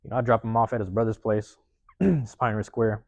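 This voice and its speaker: A man hosting a podcast, telling a personal story in a rapid, profane, casual way and acting out the lines of the people in it. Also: on the low side, no room sound. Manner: profane, rapid, animated retelling with acted-out quotes. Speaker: podcast host.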